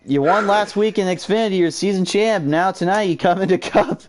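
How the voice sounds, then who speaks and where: A man commentating a sim racing league and interviewing drivers, excitable and quick to laugh. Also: high-pitched. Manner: excitable, laughs often, exclaims.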